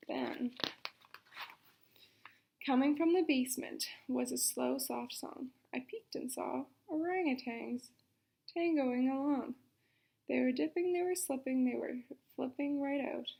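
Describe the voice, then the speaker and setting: A woman reading a picture book aloud for children's story time in an expressive, dramatic manner. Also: sits high, a little slow, creaky.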